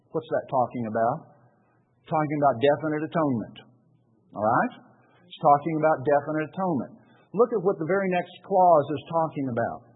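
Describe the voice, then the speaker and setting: A man preaching a sermon with a husky voice, asking the congregation questions and answering them himself. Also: a little high, normal speed, a little hiss or hum. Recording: tinny narrow-band recording.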